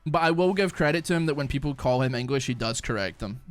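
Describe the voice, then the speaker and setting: A man's voice: medium pitch, expressive, fast talker. A young man streaming a game live, chatting casually, rambling with frequent restarts and plenty of swearing. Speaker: gaming streamer. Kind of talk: casual live-stream chat while gaming.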